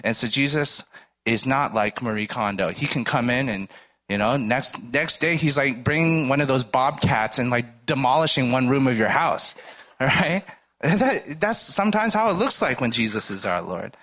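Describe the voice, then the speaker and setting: An expressive preacher of medium pitch and fairly bright tone speaks at a moderate pace. He tells everyday stories in his sermon conversationally, often asking "right?" and performing short dialogues.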